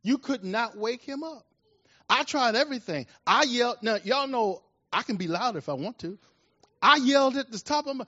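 Animated male preacher, slightly high voice. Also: normal speed, no echo, muffled recording. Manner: animated preaching, swells loud and high on stories. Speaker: pastor. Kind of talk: sermon.

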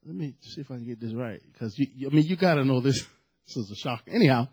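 A man preaching a sermon, telling a family story in a chatty, animated way with asides before reading and explaining scripture. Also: medium pitch, fast talker, husky, dull audio. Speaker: pastor.

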